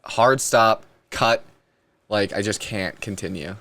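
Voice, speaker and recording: A man's voice: fairly low pitch, slow pace, fairly bright tone, no room sound. A man hosting a comedy podcast, talking casually in a rambling, crude, self-mocking way. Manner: rambling, self-deprecating, crude, many restarts. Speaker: podcast host.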